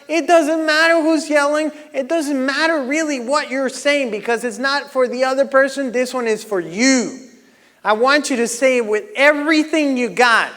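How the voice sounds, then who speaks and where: Male seminar coach, forceful and slow, rallying the crowd on mic; reverberant hall. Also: very high voice. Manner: exhorting, rising to shouts. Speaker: workshop leader. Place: large seminar hall with audience. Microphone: handheld mic.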